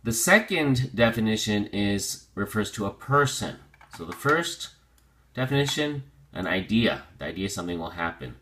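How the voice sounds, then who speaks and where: A male teacher with a low-pitched yet bright, forward voice walks through a vocabulary lesson. He drills pronunciation slowly and deliberately. He explains by repeating and rephrasing each point. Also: very animated, slight background noise. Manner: explains with repetition and restatement.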